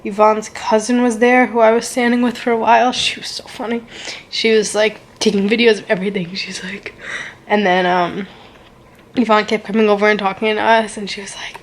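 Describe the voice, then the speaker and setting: A woman's voice: mid-range voice, level tone, fairly quick. A young woman telling a casual storytime vlog, gushing and rambling, with lots of "like" and "so good". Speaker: vlogger.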